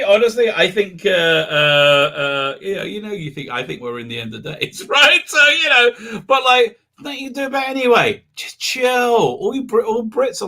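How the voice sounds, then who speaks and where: A man's voice: high voice, sharp tone. A man hosting a livestream in casual chat, rambling and restarting often, with laughs breaking into his words. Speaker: livestream host.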